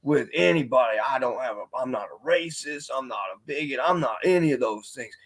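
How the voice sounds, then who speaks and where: A man's voice: mid-range voice, expressive, fairly quick, pitched below the performer's own voice. A man voicing a nervous, rambling caller with a rural American country accent who stammers and repeats himself.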